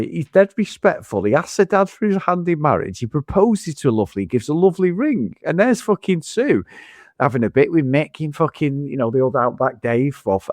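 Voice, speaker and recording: A man's voice: mid-range voice, a little mellow, no room sound, studio quality. A man in casual film review chat, ranting with lots of swearing as a podcast co-host.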